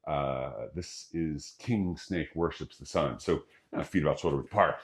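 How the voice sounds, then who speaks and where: An extremely low-pitched male voice at normal speed belongs to a middle-aged qigong instructor. He leads the exercise with relaxed, jokey, step-by-step breathing cues, talking through each breath.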